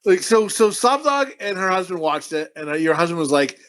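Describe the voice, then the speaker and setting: A man's voice: high-pitched, sing-song, quick pace, few pauses, a bit bright. A middle-aged man co-hosting a podcast in casual chat, profane and rambling, laughing often. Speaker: podcast co-host.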